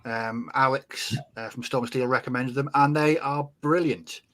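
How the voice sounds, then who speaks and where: A man's voice: mid-range voice, fairly even intonation, moderate pace, fairly bright tone. A British man hosting a casual podcast chat, hesitant, with many fillers and restarts. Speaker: podcast host.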